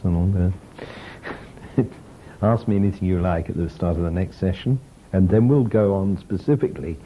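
An older man gives an informal lecture to a group, telling lively stories with a chuckle. His low voice leaps up and down in pitch as he speaks. The recording is muffled and lo-fi, with a faint hiss underneath.

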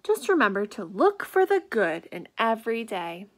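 A woman voicing a wise old owl in a children's storybook, speaking slowly and gently. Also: a little high, big pitch swings. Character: wise old owl giving calm advice.

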